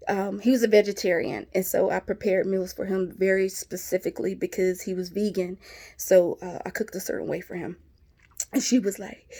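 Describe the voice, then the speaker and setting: A chatty woman speaks straight to her viewers. Her voice is mellow and warm, pitched in the middle. She laughs easily and calls them y'all and sis. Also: fairly even intonation, normal speed. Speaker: vlogger. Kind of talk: casual storytelling to viewers.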